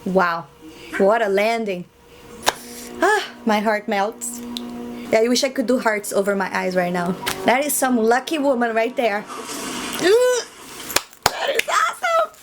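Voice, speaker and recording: A woman's voice: on the high side, unhurried, pauses often, over loud music. Chatty woman reacting to a movie. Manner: chatty, talks to herself, mutters asides. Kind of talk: casual movie reaction commentary. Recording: noisy home recording with background hiss.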